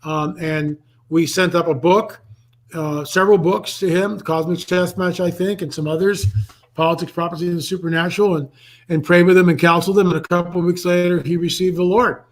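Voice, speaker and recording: An older man speaks over a remote call as a guest researcher. His voice sits fairly high for a man. He tells his story with animation and acts out the quoted voices as he goes. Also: steady tone, brisk, low-quality recording. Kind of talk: storytelling in a live online interview.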